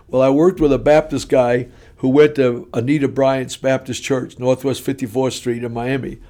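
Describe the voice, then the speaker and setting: A man preaching his personal testimony in a warm, mellow voice. He tells the story in an animated, folksy style, punching each beat like a seasoned storyteller before a congregation. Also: medium pitch, moderate pace.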